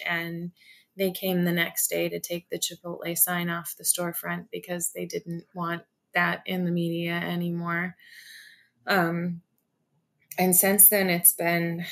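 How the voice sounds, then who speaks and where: A woman's voice: lowish voice, a bit bright. A woman union organizer on a video-call interview, telling her story in an earnest, emotional way with many fillers and restarts.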